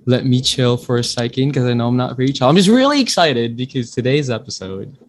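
A man's voice: medium pitch, lively intonation, a little fast. A young man hosting a casual podcast, rambling, joking at his own expense and swearing freely. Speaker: podcast host.

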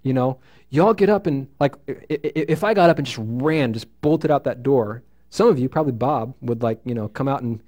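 A man teaching a Bible study to a live group, reading scripture aloud and explaining it in an animated way while asking his listeners questions. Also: mid-range voice, a little fast. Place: room with a small group listening.

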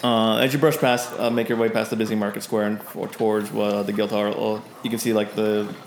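A man's voice: fairly low pitch, flat delivery, a little fast, reverberant, slight background noise. A man narrating a tabletop game as game master, loose and hesitant with many fillers.

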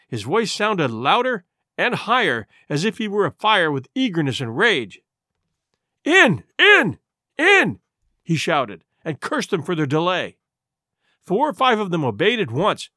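A man reads an adventure audiobook with dramatic, expressive storytelling. His voice sits high and swings widely in pitch, with a bright, crisp edge and a dry, close sound. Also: no echo. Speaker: narrator. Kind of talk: audiobook narration.

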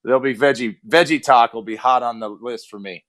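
A man's voice: medium pitch, brisk, fairly bright tone, no room sound. A man in his thirties co-hosting a casual sports podcast, joking and sarcastic as he chats. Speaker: podcast co-host, former player.

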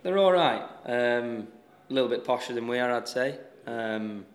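A young man with a Yorkshire accent, a golfer answering interview questions in a relaxed, halting way with many restarts. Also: mid-range voice, reverberant. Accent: Yorkshire English. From Yorkshire, England.

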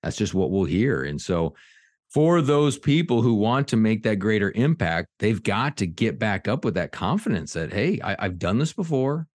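Middle-aged male podcast guest, low voice, fired-up and earnest, dry close mic. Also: moderate pace, dry recording. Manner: energetic, earnest, many restarts. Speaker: executive coach and author, guest. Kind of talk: podcast interview storytelling.

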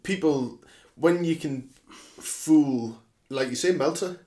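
A man's voice: on the high side, takes it slowly, dark tone. A young man co-hosting a podcast, talking loosely and rambling with restarts. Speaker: podcast co-host. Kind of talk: casual chat about wrestling.

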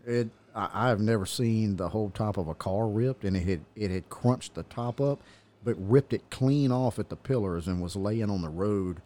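A man's voice: fairly low pitch, moderate pace, warm tone. A man in a casual conversation, reacting to stories and often restarting his sentences as he talks.

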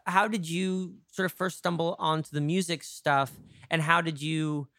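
A man with a New York accent hosts a relaxed podcast interview. His voice is smooth and resonant, with a dry close sound. He talks loosely, full of fillers and easy laughs. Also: on the high side, normal speed, no echo. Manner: chatty, laughs often, many fillers. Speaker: podcast host. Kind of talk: casual interview chat.

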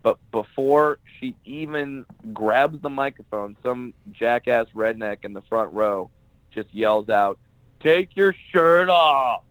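A man's voice: on the low side, steady tone, unhurried, dry recording, poor audio. Blunt, profane man telling comedy stories. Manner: profane, blunt and joking, acts out quoted people. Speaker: stand-up comedian guest. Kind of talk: casual podcast interview, storytelling.

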